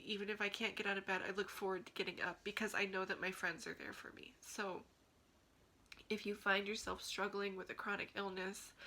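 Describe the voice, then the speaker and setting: A woman's voice: mid-range voice, sharp tone, rough recording. A woman vlogger giving a heartfelt, earnest talk to camera, pleading and encouraging.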